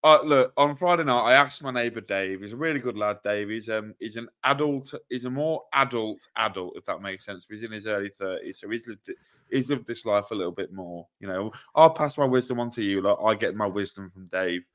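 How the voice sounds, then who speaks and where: A man's voice: lowish voice, brisk, a bit bright. A young man with a self-mocking way of telling stories, co-hosting a casual football podcast chat. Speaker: podcast co-host.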